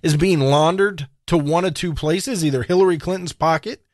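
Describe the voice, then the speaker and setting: A man's voice: fairly high pitch, moderate pace, no room sound, clean studio sound. A man hosting a political talk radio show, delivering an emphatic, opinionated monologue with sarcastic asides.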